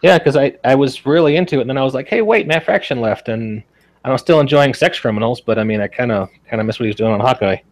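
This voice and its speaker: A man's voice: medium pitch, lively intonation, quick pace. A man in his forties hosting a podcast in casual chat, rambling with lots of fillers and easy laughs. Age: 40s. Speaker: podcast host.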